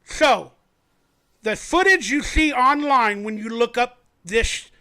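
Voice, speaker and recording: A man hosting a fan livestream, telling a story in an animated, rambling way. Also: very high voice, takes it slowly. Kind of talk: casual sports commentary.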